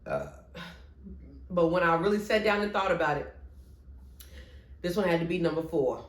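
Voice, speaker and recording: A woman vlogger ranking her favorite movies in casual chat, expressive, with playful asides. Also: fairly low pitch, moderate pace. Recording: echoey room.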